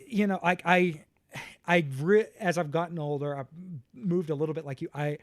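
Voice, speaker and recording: A man from the American South with a Southern accent, a podcast guest talking politics in animated bursts. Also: on the high side, moderate pace, no echo, clean studio sound. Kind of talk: casual political chat.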